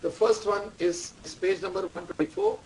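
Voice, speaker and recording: A man lectures on management in a high-pitched, sing-song voice that's a little mellow, at normal speed. His classroom style is repetitive: he drills key terms, quizzes students, and dictates instructions, with faint room noise on a distant mic.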